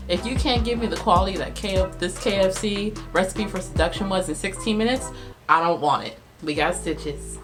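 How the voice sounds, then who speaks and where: A woman's voice: medium pitch, moderate pace. Give me a sarcastic woman hosting a casual movie recap, with music playing behind her. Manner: sarcastic, animated, laughs at her own jokes. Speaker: video host reviewing a movie.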